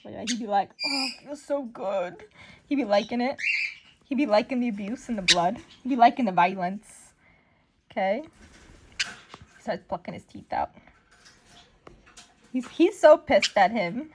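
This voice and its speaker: A woman in casual commentary, excitedly recapping a comic book story and acting out the characters' lines. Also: medium pitch, moderate pace, pauses often, heavy background noise. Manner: excitable, exclaims often, acts out characters' lines.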